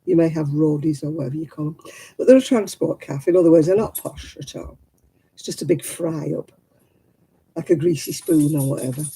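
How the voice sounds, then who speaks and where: A woman's voice: deep voice, brisk, warm tone, husky, rough recording. An older woman, chatting casually with viewers on a livestream and rambling as she explains everyday customs. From England. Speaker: livestream host.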